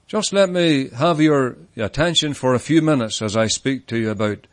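A man's voice: mid-range voice, normal speed, no echo. Earnest preacher man in a tent. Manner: earnest, emphatic, stresses key words. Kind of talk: sermon. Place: large tent meeting.

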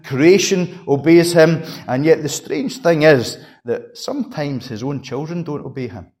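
A man preaching a sermon, swinging between raised, emphatic lines and quiet, hushed ones. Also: a little high, unhurried. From Scotland. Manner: dramatic emphasis, rising to a shout and dropping to a hush.

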